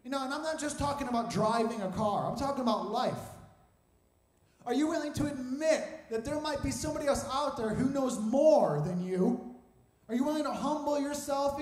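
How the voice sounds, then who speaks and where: A man's voice: very high-pitched, reverberant. A young man preaching a sermon, telling a story and acting out the voices of the people in it. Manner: storytelling with lively quoted voices.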